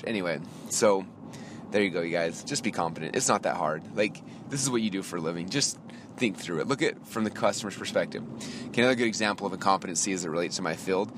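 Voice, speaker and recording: Guy on his podcast ranting a story, lowish voice, faint hum behind. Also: a little fast. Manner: animated ranting, quoting himself and others in dialogue. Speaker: podcast host. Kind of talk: casual storytelling rant.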